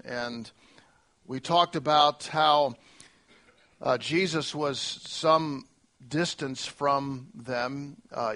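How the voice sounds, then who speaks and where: A man preaching a sermon in a casual, conversational way, with a voice that sits a little high. He often pauses, restarts phrases and drops in self-deprecating asides. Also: fairly bright tone. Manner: self-deprecating humor with laughs. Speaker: pastor.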